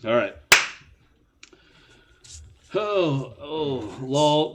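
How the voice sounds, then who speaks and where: A man's voice: mid-range voice, lively intonation, slow, long pauses, background noise. A man co-hosting a poker live stream in casual banter, joking and self-mocking and laughing often.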